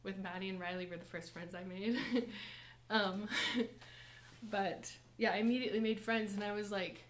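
A woman's voice: medium pitch, steady tone. Young woman sharing a church testimony. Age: young adult. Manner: soft, halting, with many fillers and nervous laughs. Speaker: college group member giving a testimony and lesson. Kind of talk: personal testimony to a church group. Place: church college group gathering.

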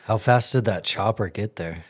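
Husky low-voiced male interviewer. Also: normal speed. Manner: short backchannel replies and brief questions. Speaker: host. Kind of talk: casual interview.

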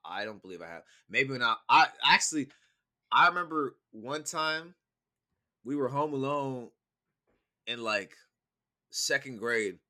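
A young man with a bright, cutting voice chats casually with his brother. He rambles through stories with plenty of "like" and cursing. He sounds easygoing and unscripted. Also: medium pitch, lively intonation, measured pace, pauses often. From California. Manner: laid-back, profane storytelling with many fillers. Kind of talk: casual chat.

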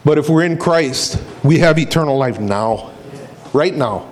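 Animated high-voiced male preacher. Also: a little slow, a crowd in the background. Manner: animated, storytelling, emphatic. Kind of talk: sermon.

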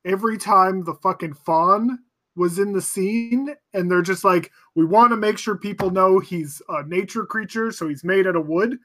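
A man chatting casually about a movie with friends, swearing freely, laughing often and trailing off quietly at the ends of thoughts. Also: high voice, moderate pace. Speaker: podcast co-host.

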